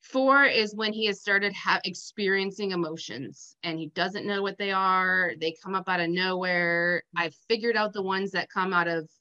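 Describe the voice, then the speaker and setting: A woman's voice: medium pitch, moderate pace, hardly any pauses, highs cut off. A woman from Minnesota, a business founder and mother, talking candidly and animatedly in a video call interview. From Minnesota, USA. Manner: candid, animated, laughs easily. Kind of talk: casual interview chat.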